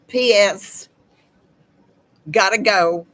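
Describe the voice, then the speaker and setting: A woman's voice: lowish voice, fairly bright tone, rough recording. A woman hosts a casual chat with her viewers and reads aloud in a heartfelt, emotional way. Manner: slow, heartfelt, emotional reading. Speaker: channel host.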